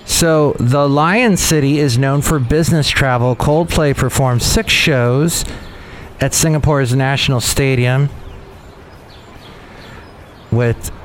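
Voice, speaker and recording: A man with a fairly high voice hosts a podcast, chatting casually and wandering between topics while frequently correcting himself. There's a little hiss or hum in the audio.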